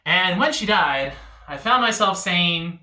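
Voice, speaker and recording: On a live stage in an echoey room, a male stand-up comedian tells his bits animatedly, jumping into other voices. His voice is very bright and cutting, swings widely in pitch and moves a little slowly.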